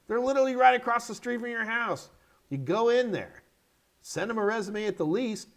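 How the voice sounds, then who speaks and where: A middle-aged man from the United States hosting a live Q&A, giving energetic, emphatic career advice in short repeated commands while sounding a little tired. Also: extremely high pitch, normal speed. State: yawny, tired. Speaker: host answering viewer questions.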